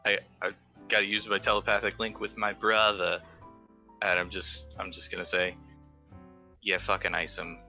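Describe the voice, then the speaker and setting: A man's voice: on the low side, flat delivery, normal speed, bright, forceful tone, faint music behind, poor audio. A man playing a tabletop game, blunt and profane. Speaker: player. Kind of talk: tabletop role-play.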